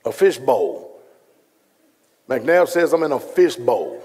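A man's voice: medium pitch, huge pitch swings, slow pace, warm tone, husky. A man, preaching casually to a large congregation in a hall, joking and speaking straight to the room on a stage mic. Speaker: pastor. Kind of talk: sermon with casual asides to congregation. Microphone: stage microphone being adjusted. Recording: long hall reverb, echoey.

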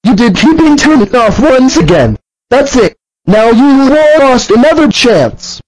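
A man doing a shrill, fed-up cartoon dinosaur who scolds in a high, jumpy voice and keeps hammering the same threats over and over. The sound is bone-dry and close, as if from a computer voice. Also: sing-song, measured pace, a little mellow, dry recording, exaggerated voice, rough recording. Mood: scolding. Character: angry purple dinosaur, male, fed up.

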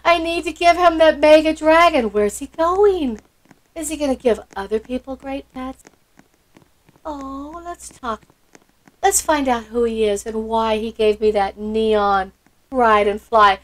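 A woman's voice: high-pitched, poor audio. A woman hosting a gameplay video, gushing with sweet enthusiasm and gasping often. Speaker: channel host. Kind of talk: excited gameplay commentary.

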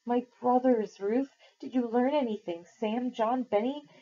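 A woman's voice: a little high, steady tone, a little slow, mellow, lo-fi sound, pitched above the performer's own voice. A woman reading as an anxious young captive girl. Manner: eager, worried questions.

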